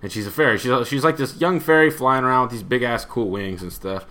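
A man's voice: mid-range voice, a little fast, sharp tone. A young man co-hosting a casual comedy podcast, spinning a story and laughing often as he acts out other people's lines. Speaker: podcast co-host.

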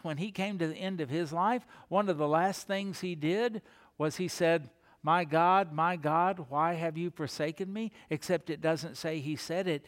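A man's voice: on the high side, a bit bright, big-room sound. A man preaching a sermon as pastor, earnest, with rhetorical questions and quoted lines.

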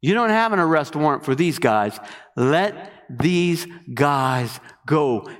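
A man preaching a sermon, animated, asking the congregation questions and waiting for answers. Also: a little high, takes it slowly, long reverb tail.

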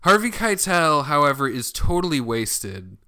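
A man co-hosting a podcast, chatting casually and rambling through a movie plot while acting out the characters' lines in quick asides. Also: on the high side, sing-song, bright, forceful tone. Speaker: podcast co-host. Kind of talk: casual chat recapping a movie.

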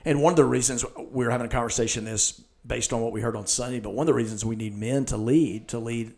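A man's voice: medium pitch, steady tone, quick pace, gravelly, a little mellow. A man hosting a church podcast conversation, talking earnestly and retelling scenes with quoted lines.

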